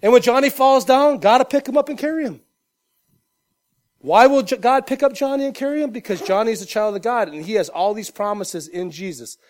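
Male pastor, high voice, emphatic sermon delivery with lively "Amen?" asides. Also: brisk. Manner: emphatic, conversational preaching with frequent 'Amen?' asides; acts out loud shouted voices for humor. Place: church.

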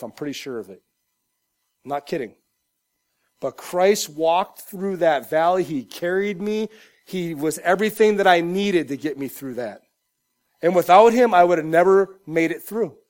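Male pastor, high voice, emphatic sermon delivery with lively "Amen?" asides. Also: moderate pace. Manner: emphatic, conversational preaching with frequent 'Amen?' asides; acts out loud shouted voices for humor. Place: church.

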